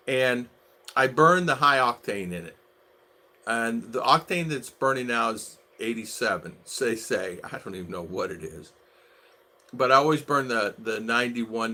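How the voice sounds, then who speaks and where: An American man hosts a casual livestream. He has a bright, slightly forceful tone at an ordinary pitch. He works things out aloud and greets viewers by name as he talks. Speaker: vlogger host.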